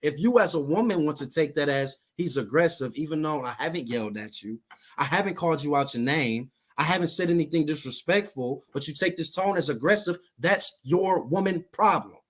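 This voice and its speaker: Guy on a live stream arguing his point, blunt and pushy, talks a bit high. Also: animated, a little fast. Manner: blunt, insistent, repeats himself. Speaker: guest on a live commentary stream. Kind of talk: heated live-stream debate.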